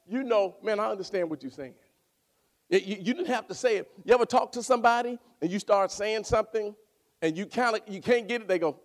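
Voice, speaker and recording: Man preaching, loud then hushed. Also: high voice, expressive, fast. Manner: swings from loud exclaiming to hushed near-whispers. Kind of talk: sermon.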